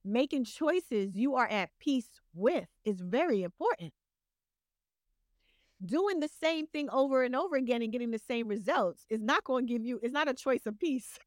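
A woman's voice: fairly high pitch, lively intonation, normal speed, no echo, clean studio sound. A woman speaking as a podcast guest in casual conversation, earnest and motivational in how she encourages.

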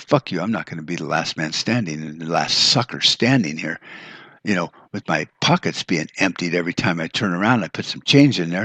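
A man's voice: deep voice, a bit bright, breathy edge, dry recording. A man hosting a podcast, delivering an angry, profane, sarcastic rant in a monologue. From United States. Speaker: podcast host. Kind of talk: ranting monologue.

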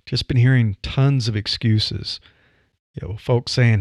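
An older man with a Midwestern accent hosts a solo podcast, speaking in a blunt, plain-spoken, wry way. His voice sits at an ordinary middle pitch. The recording is dry and a little muffled. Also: fairly even intonation, unhurried, darkish tone, dry recording. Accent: Midwestern American. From Nebraska, US. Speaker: podcast host. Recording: dry, slightly dull audio.

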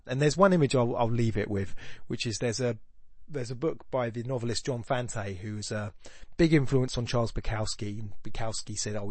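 This man's voice sits at medium pitch with a slightly mellow quality and no echo. Hosting a podcast, he muses in a loose, reflective way, wandering through his thoughts and frequently starting his sentences over.

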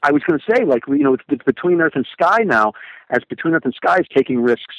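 A man's voice: fairly high pitch, very animated, fast, fairly bright tone, no echo, poor audio. Emphatic storytelling man, dry sound. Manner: emphatic storyteller, acts out quoted thoughts. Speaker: guest, motivational speaker and hardcore singer. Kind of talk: animated podcast conversation.

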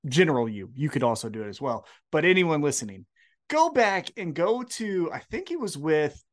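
A male podcast co-host who rants with strong opinions and swears often. His voice sits fairly high for a man and swings widely in pitch as he gets worked up. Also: sing-song, moderate pace. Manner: profane, opinionated ranting. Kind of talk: casual wrestling podcast chat.

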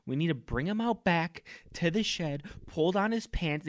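A man hosting a comedy podcast, delivering a loud, fired-up, mock-pompous rant. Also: a little high, sing-song, unhurried, few pauses. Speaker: podcast host. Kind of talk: comic ranting monologue.

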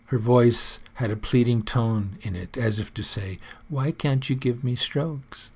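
Slow, gravelly man musing aloud. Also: medium pitch, darkish tone. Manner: musing, earnest, unhurried. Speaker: host of a personal report. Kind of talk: casual spoken monologue.

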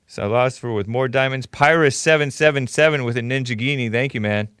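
A man hosts a live-stream commentary show in a loose, scoffing way, thanking viewers by name before he gets into the stories. His voice sits at an everyday middle pitch. It is recorded close and dry, with no room sound. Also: fairly quick, fairly bright tone, smooth, no room sound. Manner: casual, sarcastic, scoffing; thanks viewers and reads donations aloud.

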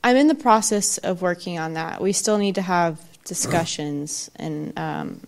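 A woman being counseled, answering hesitantly and softly, with many fillers. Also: on the low side, very animated, measured pace, gravelly. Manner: hesitant, soft, full of fillers. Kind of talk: casual conversation.

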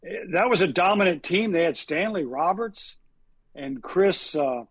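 Husky man rattling off sports stats. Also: high voice, animated, measured pace, fairly bright tone, no echo. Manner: rambling, stat-heavy storytelling with frequent fillers. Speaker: sports reporter and co-host. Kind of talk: casual sports talk with anecdotes.

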